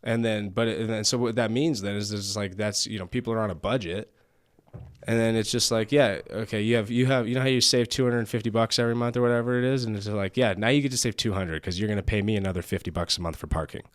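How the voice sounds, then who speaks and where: A man's voice: fairly low pitch, fairly even intonation, fast talker, no room sound. A young man hosting a podcast in casual, rambling chat, swearing often and leaning on fillers. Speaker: podcast host.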